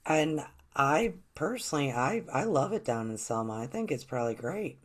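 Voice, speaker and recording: A woman's voice: rumbling low, lively intonation, normal speed, hardly any pauses. A woman hosting a spiritual interview show, talking in an earnest, chatty way with long, rambling questions. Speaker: host.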